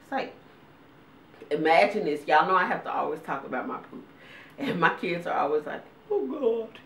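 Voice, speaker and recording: A woman's voice: deep voice, fairly quick, a bit bright, reverberant, recorded from a distance. A woman, telling stories casually to her viewers, acting out quotes with big jumps in voice and frequent laughs. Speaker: vlogger giving a weight update.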